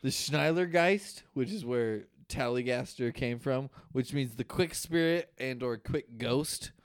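A man co-hosting a casual podcast, telling a folklore story in an animated, profane way and laughing often. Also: mid-range voice, unhurried, clean tone. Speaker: podcast co-host.

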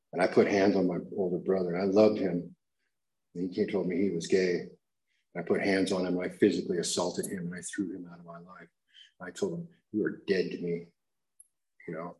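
A middle-aged American man sharing his recovery story at a meeting, rambling and animated, often saying "you know what I mean" and "dude", his voice climbing high when he acts out shouting. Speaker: recovery speaker. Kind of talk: recovery share. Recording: echoey room.

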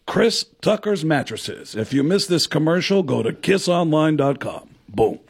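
A comedian guest doing exaggerated celebrity impressions for mock radio ads. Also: male voice, a little high, animated, measured pace, slightly rough, full character voice. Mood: comic, over the top. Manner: switches into exaggerated put-on voices. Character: male celebrity impressions, brash and loud.

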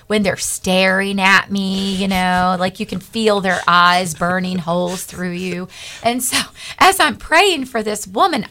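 Bright-voiced woman telling a faith story. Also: mid-range voice, creaky. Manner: animated storytelling, acting out dialogue, earnest. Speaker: guest. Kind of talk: personal testimony in a Christian talk show.

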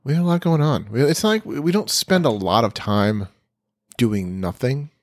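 A man's voice: medium pitch, expressive, moderate pace, dry recording. A man with a mid-range voice chats on a podcast, rambling and playful. He often restarts his sentences. The sound is close and dry. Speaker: podcast co-host. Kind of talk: casual chat.

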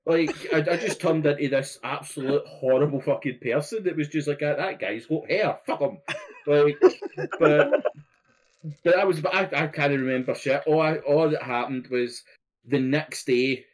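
A British man on a casual podcast rambles through a halting anecdote, stopping and restarting often. His voice runs somewhat high. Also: fairly even intonation. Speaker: podcast co-host.

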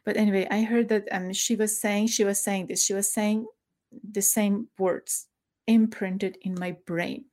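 A middle-aged woman tells a personal story. She speaks haltingly and emotionally, stopping to search for words and using many fillers, and sounds close to tears. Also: medium pitch, steady tone, darkish tone. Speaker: former journalist.

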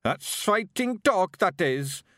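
A man playing boisterous drunk Scottish fairy folk, loud and brawling, high-pitched brogue. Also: very animated, slow, no echo, studio quality, heavily acted. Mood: rowdy drunk. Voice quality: gruff brogue, squabbling. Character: rowdy drunken wee fairy men as scarecrow, thick Scots.

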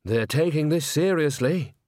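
A man's voice: fairly high pitch, animated, a little slow, a little mellow, dry recording, clean studio sound, voice pushed up. A man reading an audiobook, voicing a nervous, fretting male opera house owner. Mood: fretful.

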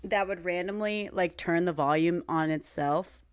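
A woman in her twenties co-hosting a podcast in casual chat, giggly and quick to mimic voices. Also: fairly low pitch, smooth. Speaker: podcast co-host.

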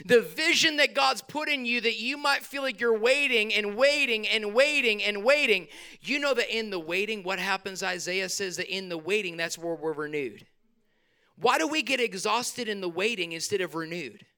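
A male pastor preaches in a church, talking to the congregation in a loose, conversational way. His voice sits high and sounds bright, smooth and clear. He acts out his own prayers and other people's lines as he goes. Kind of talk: sermon. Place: church sanctuary.

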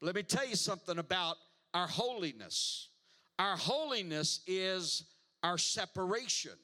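A man's voice: high voice, animated, a little slow, pushed and bright. A man preaching a sermon as pastor, emphatic, repeating words and calling the congregation to answer back.

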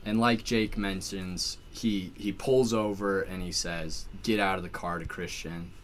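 A man's voice: deep voice, unhurried. A man telling a story in casual chat, full of "like"s and restarts. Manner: animated, filler-heavy storytelling with many "like"s. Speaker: podcast guest telling a story.

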